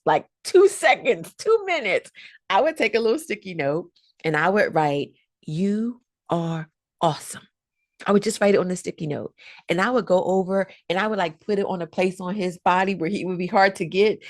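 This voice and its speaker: A woman educator tells a story to her colleagues. She acts out the lines people said with big leaps in pitch. A gravelly edge comes through at the bottom of her voice. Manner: animated storytelling, acting out quotes in a raised voice. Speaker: educator and trainer. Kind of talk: storytelling talk to fellow educators.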